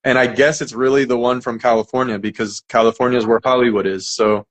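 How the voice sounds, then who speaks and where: A man with a General American accent talking in an easygoing, chatty way. He fills pauses with ums and likes, often restarting his sentences as he explains, at a medium pitch. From United States. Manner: relaxed, chatty, many fillers and restarts. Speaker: English teacher, guest. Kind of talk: casual conversation.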